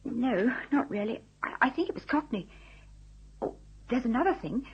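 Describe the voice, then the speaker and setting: A frightened young housewife in an old radio play. Her voice is high and stammering, and her pitch moves a lot. The recording sounds dull. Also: expressive, normal speed, husky, heavily acted. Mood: shaken. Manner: tremulous, stammering. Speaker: radio drama actress. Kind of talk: vintage radio drama acting.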